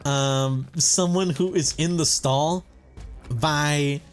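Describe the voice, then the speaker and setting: A man's voice: a little high, drawn-out words, faint music behind. A young man hosting a gaming channel, chatting casually and profanely over gameplay, rambling and correcting himself as he goes.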